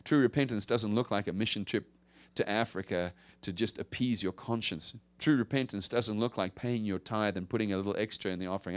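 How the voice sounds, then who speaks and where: A male pastor preaching a conversational sermon, swinging from emphatic rises to hushed drops. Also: on the low side, a little fast, hardly any pauses.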